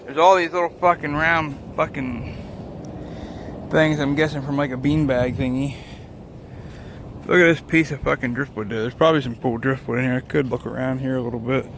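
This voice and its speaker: Man, gravelly voice, casual rambling, constant swearing, noisy outdoor phone recording. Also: medium pitch, steady tone, moderate pace. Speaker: truck driver vlogger. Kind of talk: casual walking vlog. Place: outdoors at a lakeside rest area. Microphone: handheld phone.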